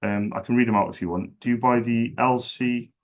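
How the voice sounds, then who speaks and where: A man's voice: medium pitch, fairly even intonation, a little fast, dull audio. Chatty, jokey salesman on a call. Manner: chatty, jokey and self-deprecating. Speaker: salesman making a cold call. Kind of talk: friendly sales phone call.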